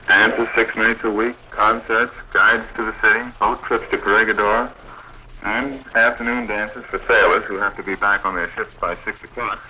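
In a scripted radio interview from the 1940s, a Red Cross program director from the U.S. proudly and steadily reads his prepared remarks about his club. His lowish voice comes across pushed and bright, with slight background noise in the low-quality recording.

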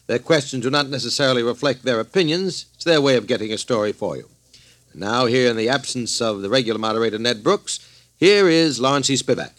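A male announcer opens the program with a formal announcement, speaking very fast in a mid-range voice. The sound is close and dry. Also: medium pitch, fairly bright tone, no room sound. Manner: brisk, formal announcer delivery.

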